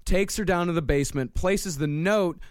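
A man's voice: high-pitched, normal speed, clear, resonant tone, no room sound, clean studio sound. Profane man walking through a case. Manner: profane, explanatory storytelling. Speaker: podcast host. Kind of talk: casual true-crime chat.

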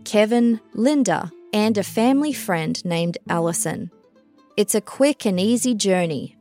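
Woman narrating true crime over faint music. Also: medium pitch. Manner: measured, even storytelling delivery.

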